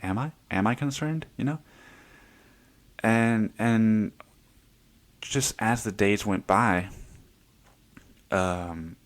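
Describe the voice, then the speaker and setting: A young man hosting his own podcast, talking through personal stories in a casual, rambling way with plenty of swearing. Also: lowish voice. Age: young adult. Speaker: podcast host.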